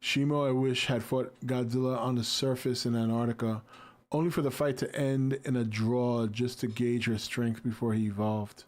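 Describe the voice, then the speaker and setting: A laid-back man in his forties chats casually on a livestream. He reads viewer comments aloud and answers them with easy jokes, at a middle pitch. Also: flat delivery, normal speed, a little mellow. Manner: laid-back, jokey, reacts to chat. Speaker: livestream host reading chat. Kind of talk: casual chat.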